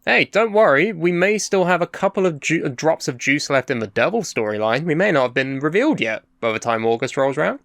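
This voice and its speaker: A man's voice: a little high, big pitch swings, fairly quick, few pauses, a bit bright, dry recording, studio quality. A man co-hosting a casual podcast chat, blunt and sarcastic. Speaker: podcast co-host.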